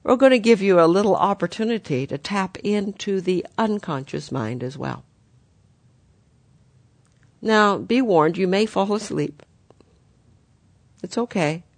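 A spiritual teacher speaks in a gentle, guiding way to the listeners, whom the teacher calls dear ones. The voice sits at an ordinary middle pitch. The recording is dry, with no room sound. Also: expressive, measured pace, long pauses, no echo.

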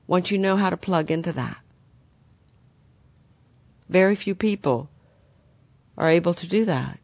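A spiritual teacher giving a guiding talk in a gentle manner, addressing the listeners as dear ones. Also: medium pitch, no echo.

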